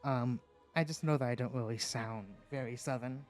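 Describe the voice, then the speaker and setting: A man's voice: mid-range voice, normal speed, faint music behind. A man from the Appalachian United States chatting casually while streaming a game, rambling and hesitant, with lots of fillers and small laughs.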